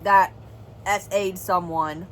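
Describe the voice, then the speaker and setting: A woman's voice: lowish voice, fairly even intonation, slow, a little hiss or hum, rough recording. A young woman vlogger telling a serious personal story in an earnest, rambling way, full of "like" and "well". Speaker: family vlogger.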